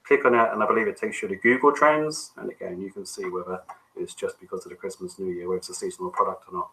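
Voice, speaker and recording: A man coaching on a call, answering questions in a relaxed, conversational way with frequent ums and restarts. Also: deep voice, fast, slight background noise, poor audio. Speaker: business coach.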